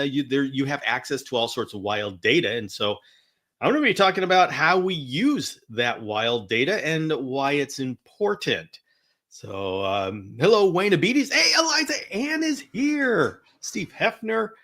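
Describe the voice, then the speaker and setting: A man's voice: medium pitch, animated, unhurried, pushed and bright. A man hosting a live-streamed educational talk, chatty and upbeat, with lots of fillers and restarts. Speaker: host.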